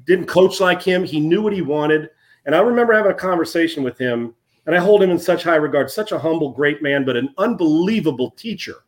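A man in his fifties with a slightly raised voice tells old team stories as an interview guest. He is animated, tripping over and repeating words as the anecdotes pour out, in an easy, casual way. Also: on the high side. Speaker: guest, former football player. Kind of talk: casual storytelling.

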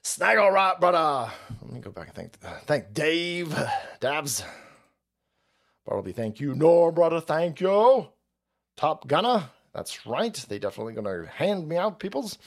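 A man hosts a livestream with a fairly high voice that swings up and down a lot. He rants in a foul-mouthed, mocking way and laughs often. He thanks people in the chat one after another. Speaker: livestream host reading chat. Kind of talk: casual ranting chat.

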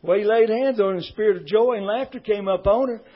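A man's voice: high-pitched, quick pace, slightly rough, lo-fi sound. A man, a pastor and co-host of a Christian talk show, telling testimony stories and laughing often.

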